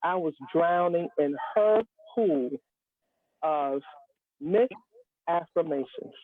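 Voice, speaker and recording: A woman's voice: fairly low pitch, slow, no echo. A woman guest telling a personal story in an earnest, emphatic way, with humorous asides, on a live stream. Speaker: guest speaker. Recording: tinny phone-line sound.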